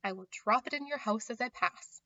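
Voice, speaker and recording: A woman voicing a huge, solemn Father Christmas in a storybook reading, speaking slowly and low. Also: pushed and bright, lo-fi sound. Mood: kindly. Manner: slow, low and grave.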